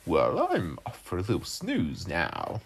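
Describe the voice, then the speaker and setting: A woman voicing a sly, scheming male house cat in a storybook read aloud to a child, drawing the words out slowly and coaxingly. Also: extremely low pitch, wildly swooping pitch, full character voice. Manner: slow, smooth and coaxing.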